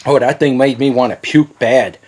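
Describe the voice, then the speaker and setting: A man reviewing a very hot pepper on camera, with watering eyes and a running nose, talking in halting bursts that repeat words between gasps. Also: medium pitch, steady tone, a little mellow. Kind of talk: casual pepper review vlog.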